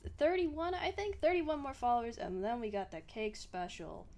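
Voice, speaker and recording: A woman's voice: fairly high pitch, normal speed, darkish tone. A woman from Australia chatting casually to her live stream viewers while she draws, giggling and muttering to herself as she works.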